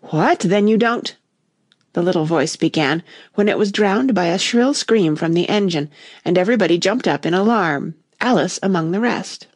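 A woman narrating a classic children's story in a lively, expressive reading voice. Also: fairly low pitch, normal speed, no room sound, studio quality.

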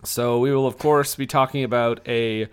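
A man in his thirties hosts a casual podcast, joking around and laughing easily. His voice sits at an ordinary middle pitch, with a relaxed, chatty delivery. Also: moderate pace, smooth. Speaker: podcast host.

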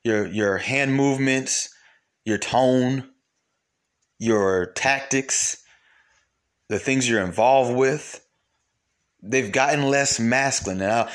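A young man talking in a heated, casual monologue, swearing and repeating himself, his voice climbing when he gets worked up. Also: mid-range voice.

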